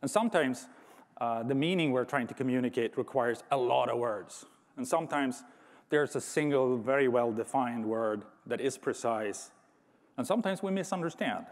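A man's voice: mid-range voice, lively intonation, moderate pace. A man giving a conference talk, thoughtful with light humor, often restarting his sentences. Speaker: conference speaker. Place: large conference hall. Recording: reverberant conference hall.

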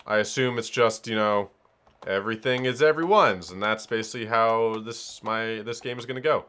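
A man casually commenting on his own gameplay, excitable and swearing, talking to himself as he plays. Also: lowish voice, moderate pace, clear, resonant tone. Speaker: let's player.

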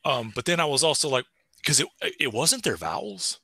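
A man giving a casual, animated seminar talk as a linguistics lecturer, full of lively rising pitch. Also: normal speed, husky, no echo. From East Tennessee.

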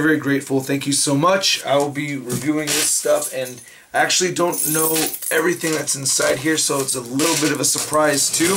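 A man with a hoarse, raspy voice, chatting excitedly and rambling as he unboxes toys for his channel. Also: medium pitch, background noise. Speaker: toy reviewer. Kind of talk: casual unboxing chat.

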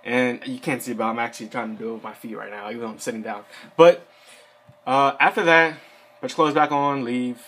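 A man's voice: medium pitch, fairly even intonation, brisk, fairly bright tone. Chatty young man giving tips. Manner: rambling, filler-heavy, conversational. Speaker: Air Force enlistee giving advice. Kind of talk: casual advice vlog. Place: seated indoors.

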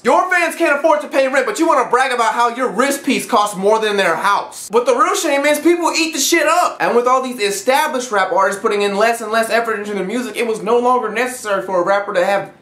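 A man delivering a loud, profane, mocking comedic rant to camera. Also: extremely high pitch. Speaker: comedy vlogger. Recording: echoey room.

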